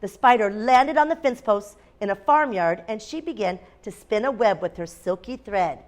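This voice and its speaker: A woman's voice: mid-range voice, lively intonation, normal speed, hardly any pauses. A woman teacher in a classroom, reading a picture book aloud to young children, asking them questions and making animal sounds. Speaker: kindergarten teacher.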